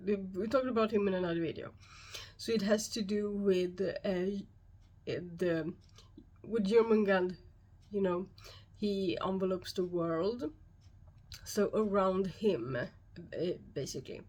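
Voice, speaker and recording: A woman speaking English with a Swedish accent hosts her own channel and explains her topic to the camera. She takes her time, calm and measured with frequent pauses, in an unhurried, slow delivery at a middle pitch. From Sweden. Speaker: YouTube host and shamanic practitioner. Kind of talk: solo explanatory talk to camera.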